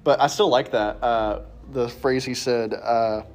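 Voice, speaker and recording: In a church classroom, a man teaches a casual Bible class, joking and animated, his voice jumping high whenever he makes a point. He takes an unhurried pace.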